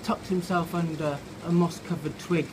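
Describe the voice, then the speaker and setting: Brief: high-voiced man telling a story off the cuff, loose and cursing, noisy outdoor background. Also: fairly even intonation, normal speed. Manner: sweary, laughing, loose. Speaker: author reading his story. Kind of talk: tipsy improvised storytelling. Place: outside a pub. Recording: loud outdoor background noise.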